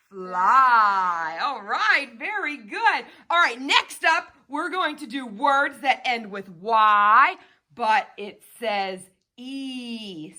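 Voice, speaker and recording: A woman teaching a children's phonics lesson in a sing-song way, spelling out letters and sounding out words slowly. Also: a little high, bright, forceful tone.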